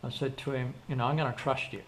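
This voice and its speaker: An older man talks fast in a mid-range, slightly bright voice with a steady tone. As an interview guest, he tells long, meandering stories in a casual way, often restarting and quoting dialogue, and faint background noise can be heard.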